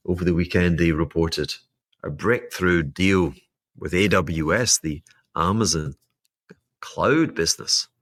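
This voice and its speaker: Deep-voiced man rambling through market commentary. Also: a bit bright, husky, no echo, studio quality. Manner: rambling, wry and self-mocking, with laughing asides. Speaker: podcast host. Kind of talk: solo market commentary monologue.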